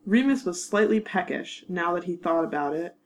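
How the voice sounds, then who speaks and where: A woman narrating a fanfiction audiobook in a measured, wry storytelling manner. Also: lowish voice, expressive, low-quality recording. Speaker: narrator and producer.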